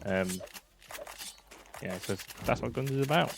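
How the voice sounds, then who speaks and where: A man's voice: medium pitch, animated, a little slow, vocal fry, noisy background. A man giving casual, chatty tips while talking over his own gameplay footage, full of fillers.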